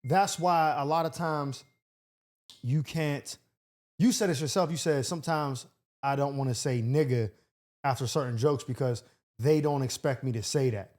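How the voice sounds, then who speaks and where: A man's voice: mid-range voice, moderate pace, a little mellow. A young adult man hosting a podcast in casual chat, talking loosely and rambling. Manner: loose, rambling, full of fillers and restarts. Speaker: podcast host.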